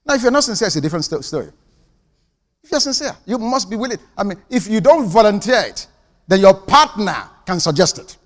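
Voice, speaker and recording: Animated high-voiced preaching man. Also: fairly quick, long reverb tail. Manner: emphatic preaching with call-and-response. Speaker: pastor. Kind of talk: sermon.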